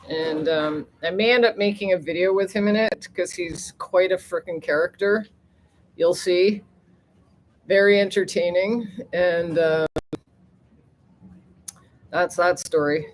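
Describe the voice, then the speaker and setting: A woman's voice: lowish voice, poor audio. Rambling, chatty woman live-streaming outdoors. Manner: chatty and rambling, mild swearing, frequent laughs. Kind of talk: rambling casual live chat. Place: outdoors near the ocean.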